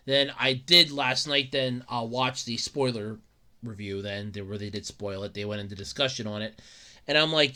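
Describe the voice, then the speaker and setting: Bright-voiced rambling male podcaster. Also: medium pitch, big pitch swings, moderate pace. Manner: rambling, repeats himself, stammering restarts. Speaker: podcast host. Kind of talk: casual solo podcast rant.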